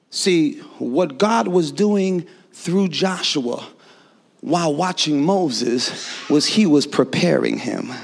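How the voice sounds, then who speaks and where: Fervent high-voiced preacher, shouting. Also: male voice, gravelly, a little hiss or hum. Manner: fervent, breaks into shouts and laughter. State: worked up. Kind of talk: sermon. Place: church.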